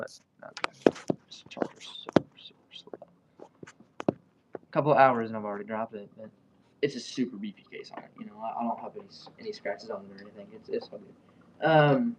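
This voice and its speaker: A man's voice: mid-range voice, fairly even intonation, fast talker, background noise. A young man casually telling a story, rambling with fillers and restarts. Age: young adult. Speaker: vlogger. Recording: dull sound, a bit far from the mic.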